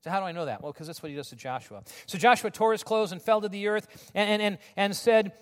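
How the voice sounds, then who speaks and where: A man preaching a sermon in a conversational, animated storytelling manner. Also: high-pitched, fast. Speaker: pastor. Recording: long reverb of a large hall.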